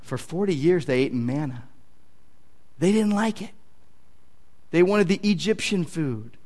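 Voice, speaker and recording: High-voiced man preaching a sermon. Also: animated, measured pace, darkish tone. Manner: conversational, emphatic preaching with asides. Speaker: pastor.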